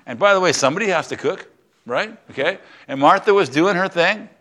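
A man's voice: high voice, animated, a little fast, a bit bright. An older man from the United States, a semi-retired pastor, giving a conversational Bible lesson and asking the congregation questions. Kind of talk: sermon.

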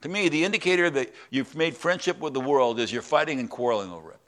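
A male pastor preaching a sermon in a conversational way, with halting restarts and drops into quiet, prayerful tones. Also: medium pitch, lively intonation.

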